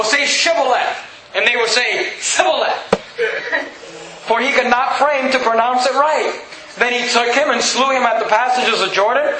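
A male pastor with an extremely high-pitched voice teaches his sermon like a Bible study, reading scripture aloud and then restating it casually with frequent "okay?" check-ins. The room is echoey, with faint background noise.

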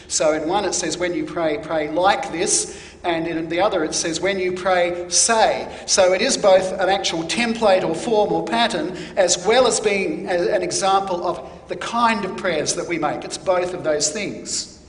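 A man preaching a sermon in a measured, deliberate teaching manner, stressing key words. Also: a little high. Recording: echoey hall.

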